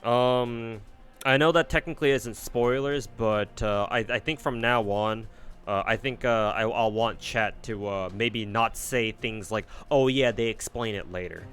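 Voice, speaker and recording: Man streamer, casual rambling chat to viewers, lowish voice, faint music behind. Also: fairly even intonation, unhurried, fairly bright tone. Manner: rambling, many fillers and restarts. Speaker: streamer reading a game aloud.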